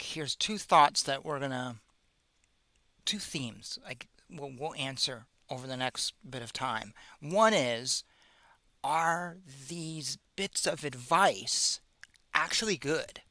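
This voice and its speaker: A man's voice: on the high side, bright, forceful tone, no echo. A man hosting a show, retelling an ancient epic in a casual, slangy, joking way. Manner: slangy, joking, with playful asides. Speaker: host. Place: in America.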